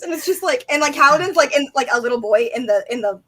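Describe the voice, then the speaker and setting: A young woman talks casually on a live stream about books, her voice sitting a bit high. She is excitable and swears freely, slipping into little acted quotes as she goes. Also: very fast, hardly any pauses, noisy background. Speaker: book discussion co-host.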